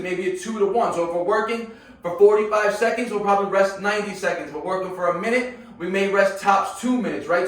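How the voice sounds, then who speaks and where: Guy with a high voice coaching a workout casually, keeps saying right and guys, sounds far off in a real echoey room. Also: fairly bright tone. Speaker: fitness coach. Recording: echoey room, far from mic, music behind.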